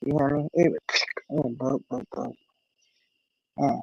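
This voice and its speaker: A woman's voice: rumbling low, slow pace, gravelly, slightly rough, dry recording, lo-fi sound. A middle-aged woman hosting a casual live stream, telling a story animatedly and acting out the voices of the people in it. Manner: animated storyteller, acts out quoted voices, frequent "you know".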